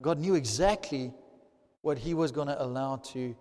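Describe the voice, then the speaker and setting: A man preaching a sermon, animated and swelling loudly to stress key points, recorded in a large hall. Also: mid-range voice, normal speed. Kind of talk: sermon teaching. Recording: long hall reverb.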